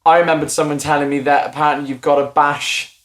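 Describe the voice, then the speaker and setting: A man's voice: on the high side, flat delivery, fast. A man telling a story in casual chat on a podcast, rambling and self-deprecating with many fillers. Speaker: podcast co-host. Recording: echoey room, faint noise.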